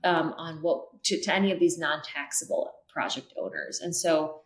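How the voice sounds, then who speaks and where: A woman's voice: low-pitched, normal speed. Earnest woman guest in an echoey room. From Minnesota. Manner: earnest, many filler ums and restarts. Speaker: guest, clean energy policy strategist. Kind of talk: podcast interview. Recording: roomy echo.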